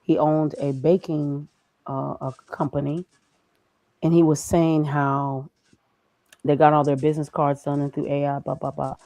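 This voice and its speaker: A woman's voice: deep voice, little pitch movement, measured pace, dark tone, no room sound, poor audio. A woman speaking as a guest in a conversational interview, emphatic and preachy, firing off rhetorical questions. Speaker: graphic designer and guest.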